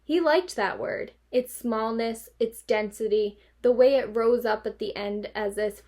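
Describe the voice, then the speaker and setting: Teacher reading a chapter book aloud to students, bright higher voice, expressive. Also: female voice, a little slow. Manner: expressive, lively read-aloud.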